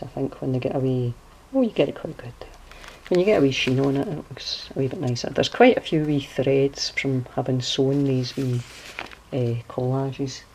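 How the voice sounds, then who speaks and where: A woman with a notably low voice talks through her handmade journal in a relaxed, chatty way. She pauses to hunt for words and corrects herself as she goes. A faint hum of noise sits under her voice. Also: rough recording. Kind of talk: casual craft walkthrough.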